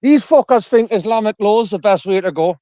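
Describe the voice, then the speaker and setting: A man's voice: high-pitched, fairly quick, warm tone, dry recording. A man with a Sunderland accent, trading brash, insulting banter in a heated live-stream debate. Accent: Sunderland English. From England. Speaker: debate panelist. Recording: dull lo-fi stream audio.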